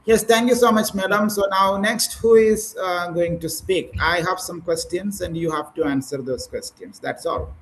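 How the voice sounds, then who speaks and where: A man's voice: sits high, normal speed, few pauses, poor audio. A man leading an online training session for teachers, giving encouraging corrections with many fillers.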